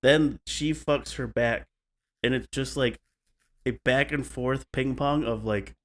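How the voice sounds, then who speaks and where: Male podcast host, mid-pitched, casual and wry storyteller with playful mock voices. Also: slow pace, fairly bright tone. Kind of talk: casual chat, retelling stories.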